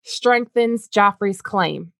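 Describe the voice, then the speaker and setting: A woman co-hosting a podcast, chatting casually and reading book passages aloud in a low, even voice, with casual swearing in the talk. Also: slow, vocal fry, no echo, clean studio sound. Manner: reads passages in a low, even voice, then swears freely in chat. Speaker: podcast co-host.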